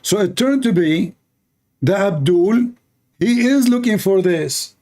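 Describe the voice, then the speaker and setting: A man's voice: high voice, animated, slow, dark tone. Sarcastic man with broken English. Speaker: host. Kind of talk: polemical talk.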